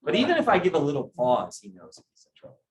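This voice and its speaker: A man's voice: on the high side, huge pitch swings, fast. Chatty man teaching a sales class. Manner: conversational, asks the audience questions. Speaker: sales trainer. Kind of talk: training talk to a group.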